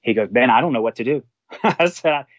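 A man's voice: mid-range voice, brisk, dry recording. Storytelling man, dull dry sound. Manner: animated, acts out quoted dialogue. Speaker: fire department supervisor. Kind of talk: casual storytelling.

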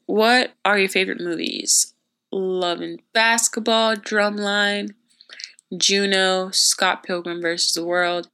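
A young woman hosting a podcast, telling stories in a chatty way and acting out the people she quotes. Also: on the low side. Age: young adult. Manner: chatty storytelling, lively quoted voices. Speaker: podcast host. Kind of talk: casual chat.

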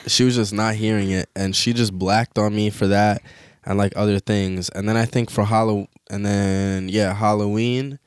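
A man's voice: on the low side, fairly even intonation, moderate pace, clear, resonant tone, dry recording, studio quality. A young man telling a story in casual chat, full of slang and restarts. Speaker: podcast co-host telling a story.

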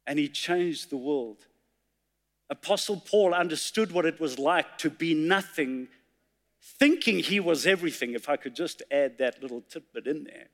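A man's voice: fairly high pitch, moderate pace, fairly bright tone. A man preaching a sermon, telling a story and reciting poetry with feeling. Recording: long hall reverb.

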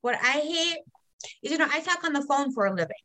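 Podcast co-host, woman, bright girlish voice, chatty and quick to laugh. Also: high-pitched, animated, a little hiss or hum. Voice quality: girlish, youthful voice. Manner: chatty, laughs easily, retells calls by quoting callers. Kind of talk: casual chat.

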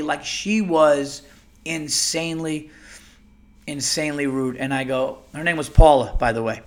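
A man hosting a podcast, telling a comic story as an animated, profane and exasperated rant. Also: on the high side, moderate pace. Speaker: podcast host.

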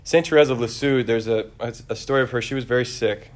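A man preaching a conversational homily, relaxed and searching, with frequent fillers and restarts. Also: medium pitch, fast.

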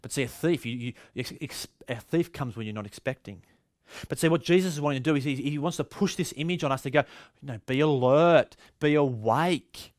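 A man's voice: mid-range voice, quick pace, no echo, studio quality. A male pastor with an Australian accent, giving a sermon in a conversational, storytelling way with frequent restarts.

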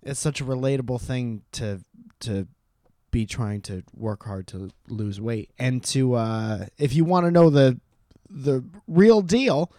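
A man's voice: mid-range voice, lively intonation, unhurried, warm tone, dry recording, clean studio sound. Casual swearing male podcast host. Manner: loose and swearing, with many restarts. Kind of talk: casual chat.

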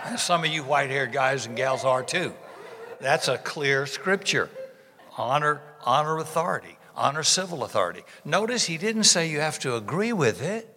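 A man preaches in a bright, forceful voice with folksy emphasis, hammering repeated words for effect. His tone sits a little high for a man. The sound carries the long reverb of a church sanctuary. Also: expressive, moderate pace. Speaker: pastor. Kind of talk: sermon.

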